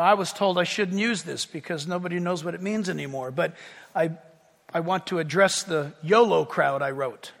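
A male pastor preaches in a high, bright voice that carries through a reverberant church hall. He is animated, raising his voice to act out shouting crowds and joking with the congregation. The sound has a long echo from the sanctuary. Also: creaky. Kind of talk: sermon.

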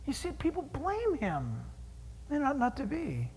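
A man preaching a sermon in an animated, joking way, moving between hushed asides and loud exclamations. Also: very high-pitched, measured pace, long reverb tail, slight background noise.

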